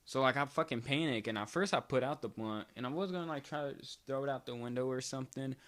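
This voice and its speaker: A man's voice: mid-range voice, quick pace, fairly bright tone. Profane rambling young man telling a story. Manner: rambling, profane, filler-heavy "like". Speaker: vlogger. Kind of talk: casual storytime.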